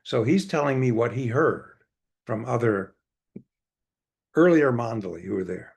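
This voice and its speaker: A man's voice: mid-range voice, animated, measured pace, gravelly, breathy edge. A man telling a story at a devotional gathering in a rambling way, with many fillers and restarts. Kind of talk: anecdotal storytelling presentation.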